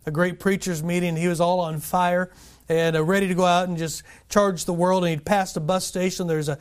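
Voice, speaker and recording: A man pastor giving an earnest, animated sermon, often restarting phrases and putting questions to the congregation. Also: high-pitched, a little fast, smooth.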